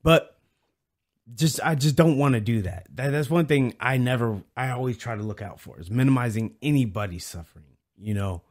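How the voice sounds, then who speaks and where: A man's voice: mid-range voice, moderate pace, darkish tone. A man in a casual chat, speaking carefully and hesitantly.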